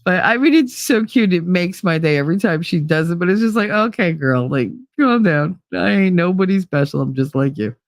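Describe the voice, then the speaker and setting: A woman's voice: fairly low pitch, expressive, fairly quick, hardly any pauses, dry recording, clean studio sound. A woman in her fifties hosting a casual livestream chat, blunt and swearing freely, greeting viewers with pet names. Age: 50s. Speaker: livestream host. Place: home.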